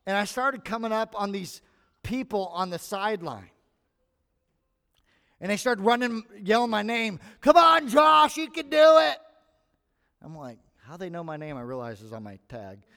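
Male pastor, lively sermon delivery, slightly raised pitch, long reverb of a large hall. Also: moderate pace. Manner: animated preaching, acts out quoted voices.

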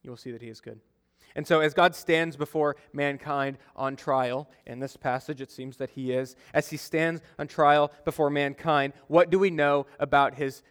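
Young adult male pastor, conversational sermon, smooth voice, long church-hall reverb. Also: on the high side, a bit bright. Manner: conversational, storytelling with acted-out quotes. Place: church sanctuary.

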